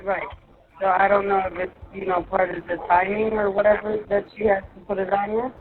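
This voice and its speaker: A woman on a phone call with her husband, speaking softly and answering briefly. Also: mid-range voice, level tone, a little fast. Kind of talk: casual phone chat. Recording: tinny phone line.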